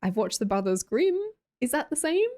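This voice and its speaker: A woman's voice: fairly high pitch, big pitch swings, normal speed, dark tone. A young Australian woman hosting a livestream, chatting casually, reading viewer comments aloud and laughing often. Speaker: livestream host.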